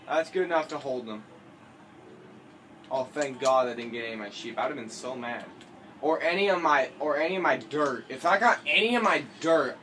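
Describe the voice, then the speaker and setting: This is casual let's-play commentary from a teenage boy playing a building game, full of rambling, self-corrections, and jokes. His mid-range voice has a sharp tone, and the home recording is noisy.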